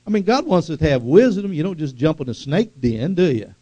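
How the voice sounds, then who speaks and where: A middle-aged male pastor preaching an animated sermon, swinging from loud calls to hushed asides. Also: a little high, brisk, no room sound. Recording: dull lo-fi sound.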